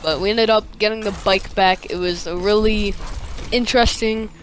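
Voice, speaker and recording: A man's voice: high voice, fairly even intonation, moderate pace, a little hiss or hum, rough recording. A man with a slight lisp from a retainer, telling a story casually over gameplay in a rambling way, with many fillers and casual swearing. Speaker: gaming video creator.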